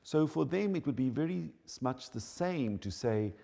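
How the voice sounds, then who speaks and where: A man's voice: medium pitch, normal speed, gravelly. A man explaining child development in an emphatic, teaching manner. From South Africa. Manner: animated, emphatic teaching delivery. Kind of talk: explanatory talk. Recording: long hall reverb.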